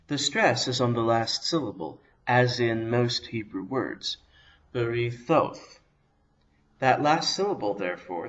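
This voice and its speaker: A man teaching a Hebrew grammar lesson, explaining slowly and carefully and pronouncing words deliberately. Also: medium pitch. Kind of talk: scripted lesson narration.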